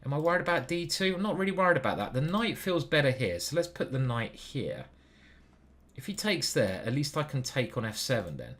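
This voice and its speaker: Excitable bright-voiced man talking chess. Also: mid-range voice, a little fast. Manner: excitable, swears, talks to himself. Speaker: chess commentator. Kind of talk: live commentary on own online chess game. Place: small stuffy room.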